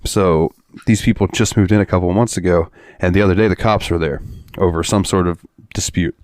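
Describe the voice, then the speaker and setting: A man co-hosting a podcast, telling a story in a loose, profane way. His voice sits low. The sound is dry and close, and he often breaks into laughter. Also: fairly even intonation, fairly quick, darkish tone, dry recording. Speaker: podcast host. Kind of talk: casual chat.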